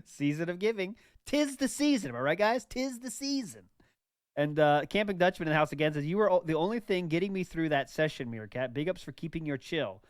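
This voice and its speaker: A man's voice: fairly high pitch, clean tone, no echo, clean studio sound. A man hosting a stream, reading viewer messages in a playful, laughing way. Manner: playful, laughs easily, quick asides. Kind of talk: casual stream chat.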